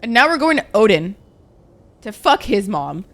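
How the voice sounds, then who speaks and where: A woman's voice: medium pitch, very animated, moderate pace. A young woman from Egypt, a native Arabic speaker, chatting and swearing freely as she streams a game. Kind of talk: casual gameplay commentary.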